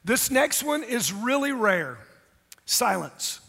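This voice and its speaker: Middle-aged male pastor, high voice, emphatic sermon delivery, long reverb of a big hall. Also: very animated, slow pace, gravelly, pushed and bright, slightly rough. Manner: emphatic, calls for audience response.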